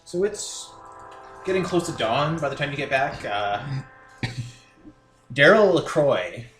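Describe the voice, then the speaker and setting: A man running a tabletop game as game master, narrating in a relaxed way with fillers. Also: mid-range voice, takes it slowly, reverberant, a little hiss or hum.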